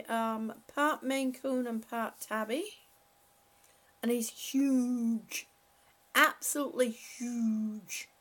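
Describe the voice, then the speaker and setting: Slow-talking high-voiced woman chatting at home. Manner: rambling, chatty, laughs often, talks to her pets. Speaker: live-stream host. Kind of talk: casual live chat with viewers.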